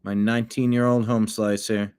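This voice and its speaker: A man's voice: lowish voice, level tone, normal speed, a little mellow, clean tone. A man hosting a casual online commentary show from his home desk, chatting and talking to his cat between stories. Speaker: host.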